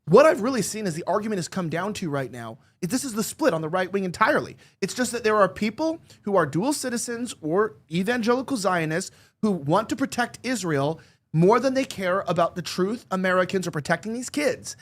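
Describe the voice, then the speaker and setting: A woman's voice: medium pitch, animated, fairly quick. Angry ranting woman commentator. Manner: angry, ranting, emphatic with repeated words. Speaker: political commentary host. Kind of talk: heated political chat.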